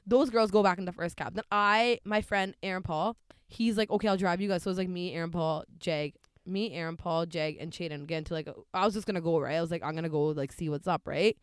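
A woman's voice: lowish voice, fast talker, clean tone, no room sound. Young woman, casual storytelling, swears a lot, quotes people, dry close sound. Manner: animated storytelling, swearing, quoting others. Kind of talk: casual chat.

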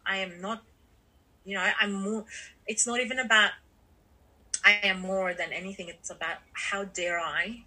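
Bright, husky woman life coach. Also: mid-range voice, steady tone, moderate pace, long pauses, poor audio. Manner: candid, swears freely, acts out her inner voice. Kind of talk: casual podcast chat.

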